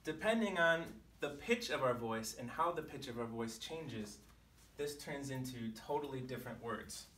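A man, teaching a language lesson to camera in a clear, patient way, sometimes sounding out syllables at different pitches. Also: expressive, normal speed, fairly bright tone, slight background noise. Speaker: Chinese teacher. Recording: echoey room, mic some distance off.

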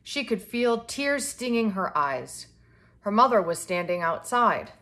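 A woman reading a children's picture book aloud to a young child in a clear, expressive way. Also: medium pitch, unhurried. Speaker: storybook reader.

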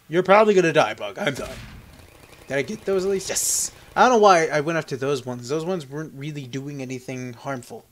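A young man giving casual, profane gameplay commentary, joking and laughing as he plays. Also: normal speed. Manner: jokey and profane, laughing often, yelping in high squeaks when startled. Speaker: let's play gamer.

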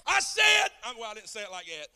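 A male pastor, telling a story then preaching loudly in a singsong cadence. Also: sits high, racing, clean tone. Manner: Southern dialect, "ain't", "y'all", "fixing to". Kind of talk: sermon.

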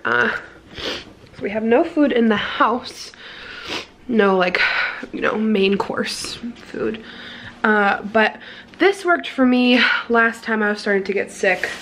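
A woman's voice: a little high, takes it slowly, pauses often, a bit bright, a little hiss or hum. A woman with a congested head cold, rambling in a casual home vlog, filling her talk with "like.". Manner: rambling, full of "like" fillers. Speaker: vlogger.

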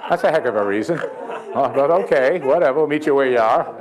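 A man's voice: medium pitch, quick pace, crowd noise. A man preaching at a church healing service, mixing folksy stories and jokes with short prayers. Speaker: guest healing evangelist. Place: church sanctuary.

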